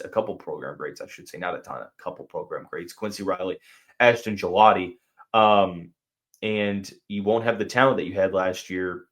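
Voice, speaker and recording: Man talking sports on a podcast. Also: fairly low pitch. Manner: thinking aloud, frequent fillers and restarts. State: has the hiccups. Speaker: podcast host. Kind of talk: casual sports podcast talk.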